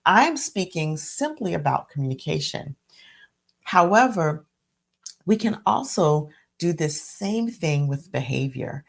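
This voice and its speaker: A woman's voice: low voice, lively intonation, slow pace, creaky. A woman hosting a solo podcast, speaking in a reflective teaching tone and repeating phrases for emphasis. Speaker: podcast host and physician.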